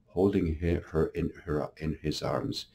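A priest giving a short homily in a gentle, reflective way, often pausing and restarting phrases, with a Canadian English accent. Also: male voice, rumbling low, fairly even intonation, gravelly, a little hiss or hum.

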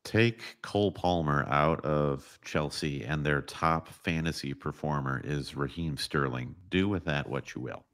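A laid-back man co-hosts a casual podcast chat, answering in short agreeing replies. His voice is extremely deep. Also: a little slow, few pauses, a bit bright. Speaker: podcast co-host.

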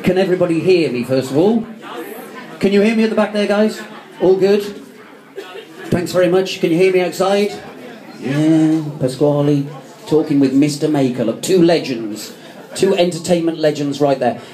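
A man with a fairly high-pitched, warm voice speaks at a moderate pace. He's giving a chatty, joking, self-mocking memorial speech to a crowd in a theatre foyer, recorded on a phone camera from the audience.

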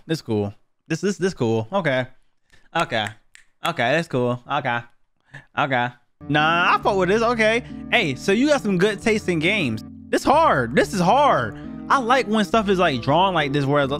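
A man's voice: fairly high pitch, fairly bright tone. A young man giving blunt, profane, slang-heavy reactions as he reviews viewer submissions in a casual video.

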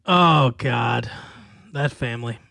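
A man's voice: medium pitch, takes it slowly, vocal fry, pushed and bright, no room sound. A man co-hosting a podcast, telling stories in casual chat, laughing often and using many fillers. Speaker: podcast co-host.

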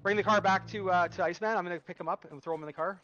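A man streaming a shooter game with friends, excitable and quick to swear as he calls out plans. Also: high-pitched, muffled recording, background noise. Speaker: streamer playing a battle royale game with friends. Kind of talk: casual gaming chat.

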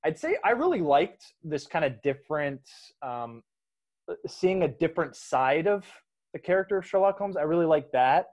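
A man talking movies in an easygoing, chatty way. He gets animated, laughs often and restarts his sentences as he goes. His voice sits a bit higher than most men's. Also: normal speed. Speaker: podcast host. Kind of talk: casual movie discussion.

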